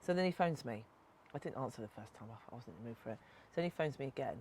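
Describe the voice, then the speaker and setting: A woman's voice: very deep voice, animated, very fast, a little mellow, a little hiss or hum. A woman, a podcast co-host and author, retelling a story bluntly with plenty of swearing, recorded outdoors in a back garden. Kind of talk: casual chat, storytelling.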